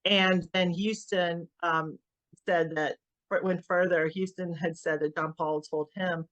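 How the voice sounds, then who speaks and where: A middle-aged woman, a grieving mother, giving an emotional personal account in an interview, often halting and repeating words as she restarts. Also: fairly low pitch, steady tone, fairly bright tone, no room sound, lo-fi sound.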